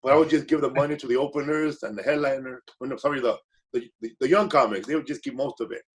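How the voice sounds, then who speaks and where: A man's voice: mid-range voice, quick pace. A man guest comedian telling stories in a casual, rambling way, correcting himself as he goes and slipping into Spanish phrases. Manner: laid-back, rambling, self-correcting, slips into Spanish phrases. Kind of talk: casual storytelling.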